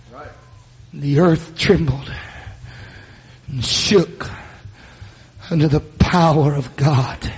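A man preaching a sermon, building into loud shouted, chanted passages. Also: on the high side, breathy edge, dull audio.

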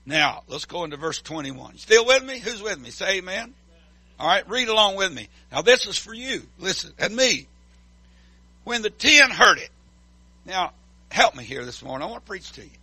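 A preacher with a high, very bright voice delivers a sermon to his church. He calls for amens and swings between ringing declarations and near-whispered asides. The sound is dry and close. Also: big pitch swings, moderate pace, husky, no room sound. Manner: call-and-response preaching, swings from loud to hushed. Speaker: pastor.

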